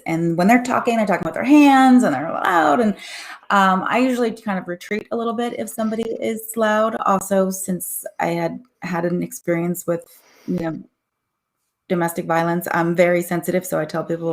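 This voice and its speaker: A woman talking as a guest in a casual conversation, open and reflective, with hesitant pauses. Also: lowish voice. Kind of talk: casual livestream chat.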